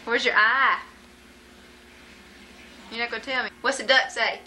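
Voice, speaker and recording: A woman's voice: a little high, fairly even intonation, a little slow, pushed and bright, a little hiss or hum, low-quality recording. A woman, a mother, using coaxing sing-song baby talk with her toddler.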